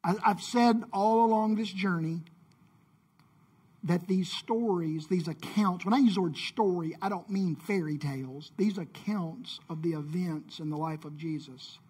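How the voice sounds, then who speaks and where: Husky man preaching in a folksy way. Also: sits high, a little slow. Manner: conversational, folksy preaching with playful asides. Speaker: pastor. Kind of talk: sermon. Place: church sanctuary.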